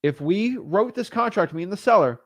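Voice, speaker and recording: Animated man coaching, dry close sound. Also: high voice, no echo. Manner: animated, exasperated, acts out sellers and attorneys in quick asides. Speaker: real estate wholesaling coach. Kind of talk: casual teaching monologue.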